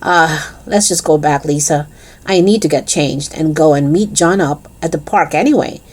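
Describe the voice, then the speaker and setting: A woman's voice: low-pitched, moderate pace. A woman voicing a nervous, awkward schoolboy in a storybook. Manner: awkward and hesitant. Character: nervous schoolboy dressed as a girl.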